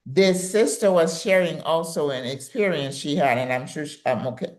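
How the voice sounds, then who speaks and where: A woman's voice: low voice, moderate pace. An older woman hosting her channel, giving direct, emphatic, motivational advice.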